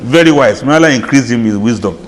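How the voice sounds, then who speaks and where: A man giving an informal religious lecture, chatty and often laughing, playing out reactions with soft drawn-out sighs. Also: medium pitch, expressive, big-room sound. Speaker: Islamic lecturer. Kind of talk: informal sermon.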